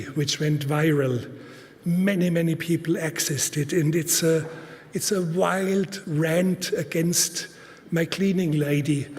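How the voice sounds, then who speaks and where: A man giving a public lecture at a conference, speaking deliberately and emphatically with many halting pauses. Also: on the high side, a little mellow. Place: large conference hall. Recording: reverberant hall.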